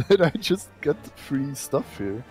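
A man's voice: medium pitch, sing-song, slow pace, a little mellow, faint music behind. Teasing, foul-mouthed male gamer. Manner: laughing, swearing, teasing. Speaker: fellow player. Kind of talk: casual gameplay chat.

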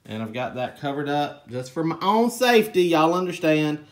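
A man with a Southern US accent, hosting a gardening channel and chatting excitedly through an unboxing. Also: a little high, normal speed. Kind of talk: casual vlog unboxing.

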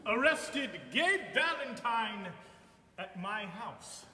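An indignant, flustered gentleman, very formal. His voice is slow and swings in pitch. It is recorded from far off in a large echoing hall with clear noise behind it. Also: lively intonation, heavily acted. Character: flustered nobleman turning himself in, indignant. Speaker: opera singer-actor in a staged comedy. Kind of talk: live stage acting.

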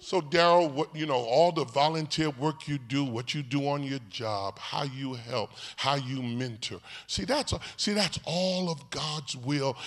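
A man preaching a live sermon as pastor, in an animated, folksy storytelling way, calling out to people in the congregation. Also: medium pitch, measured pace, few pauses. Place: large church sanctuary. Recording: echoey hall reverb.

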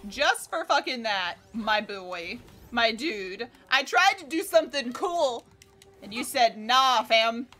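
A woman's voice: a little high, very animated, slow, fairly bright tone, faint music behind. A woman livestreaming a game in casual chat, scattered and swearing as she talks to herself and to the game.

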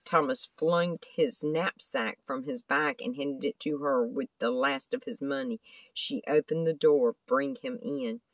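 A woman's voice: very deep voice, unhurried, dry recording, poor audio. Woman reading a storybook aloud. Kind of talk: scripted narration of a children's book.

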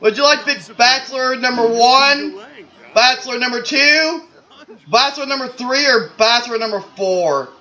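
A man's voice: extremely high pitch, moderate pace, sharp tone, lo-fi sound, pitched above the performer's own voice, heavily acted. A man voicing an upbeat male game show host with an announcer-style delivery. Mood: showy.

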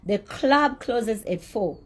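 A woman with a slightly high, husky voice tells her story as a heated rant. She is blunt and indignant and swears freely. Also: expressive, takes it slowly. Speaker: socialite telling her side.

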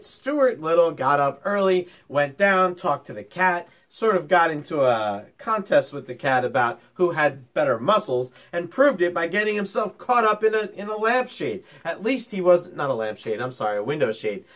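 A male teacher reading a children's chapter book aloud and chatting with his young pupils about it. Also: fairly high pitch. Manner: animated, talks to children directly.

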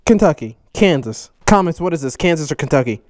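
A man in his twenties opening fan mail on his vlog, loud, hyper and goofy, jumping between high yelps and low growls. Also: expressive, brisk, dry recording. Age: 20s. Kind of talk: casual vlog chat.

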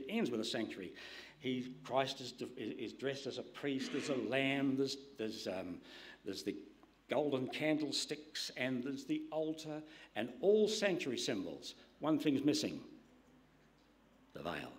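A man preaching a sermon in an emphatic style, dropping to hushed whispers to stress a point. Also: medium pitch.

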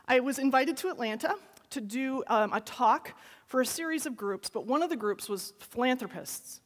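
A woman giving an animated conference keynote, often turning to the audience with a quick "right?". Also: on the high side. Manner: lively, animated, talks to the audience with frequent "right?". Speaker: keynote speaker. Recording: long reverb of a large hall.

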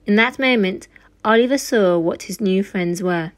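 A woman teacher reading a children's storybook aloud with slow, expressive narration. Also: medium pitch.

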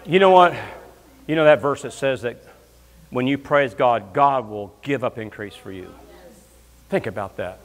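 A man preaching as a guest minister, telling comic stories and breaking into loud shouts of praise. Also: mid-range voice, a little slow, long pauses. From Alabama, US South. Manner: storytelling with bursts of shouting praise. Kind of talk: lively comedic sermon. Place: church sanctuary. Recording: long church hall reverb.

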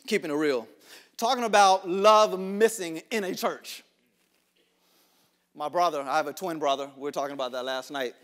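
A male pastor preaching a sermon to a congregation, calling for responses, laughing between lines and rising to shouts in a church sanctuary. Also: a little high, moderate pace, long pauses.

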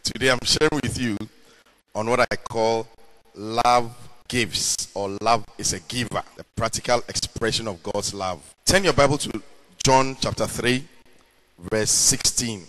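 A middle-aged male pastor delivering a sermon in a slow, measured way, stretching words for emphasis. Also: medium pitch, fairly bright tone. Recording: long hall reverb.

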